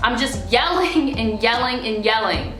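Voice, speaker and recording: Bright-voiced young woman, blunt and profane. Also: fairly high pitch, expressive, a little slow. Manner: blunt and profane, acting out quoted lines with rising emotion. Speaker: vlogger. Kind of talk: casual storytime monologue. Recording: echoey room with faint music.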